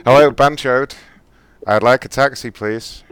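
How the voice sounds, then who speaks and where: A man hosting a show and making prank calls, deadpan and provocative, laughing often. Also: medium pitch, a little slow, smooth, dry recording. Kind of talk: casual prank-call banter.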